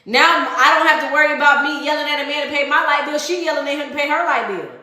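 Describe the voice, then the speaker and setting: A woman's voice: high-pitched, fast talker, sharp tone, very echoey. A woman telling a personal story in casual storytime style, blunt and full of profanity, acting out the voices of the people in it.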